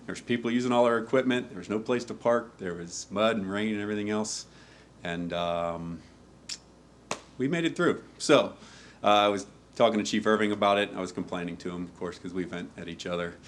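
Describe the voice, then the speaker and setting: A low-voiced man speaks as a fire lieutenant at a ceremony, loose and joking, halting over fillers. Faint noise sits under his voice. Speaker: fire lieutenant giving a speech. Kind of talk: informal ceremony speech. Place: hall at a ceremony before an audience.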